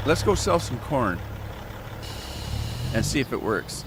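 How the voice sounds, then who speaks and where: A man's voice: medium pitch, sing-song, slow, vocal fry, background noise. A man streaming a farming game, chatting casually with his viewers while he plays. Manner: chatty, talks to chat viewers while playing. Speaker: gaming streamer. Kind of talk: casual live-stream commentary.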